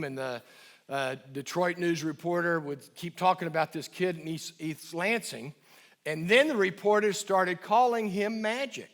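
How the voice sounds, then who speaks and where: A middle-aged man with a fairly high voice gives a parenting talk to a live audience in a church hall. He talks emphatically, slowing down to stress and repeat key phrases. He asks the audience questions as he goes. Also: a bit bright. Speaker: guest speaker on parenting.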